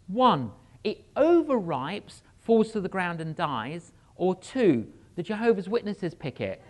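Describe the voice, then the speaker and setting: A preacher man delivers a storytelling sermon in a church. His voice swings widely up and down as he acts out conversations, and he takes his time, pausing for humorous asides to the congregation. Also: high voice, slight background noise. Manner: animated storyteller acting out dialogue.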